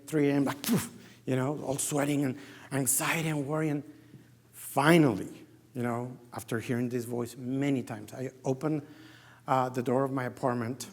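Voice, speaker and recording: A business founder from Mexico gives an earnest testimony at a large conference hall, the recording reverberant. His medium-pitched voice has vocal fry, and he acts out his own past dialogue while telling it.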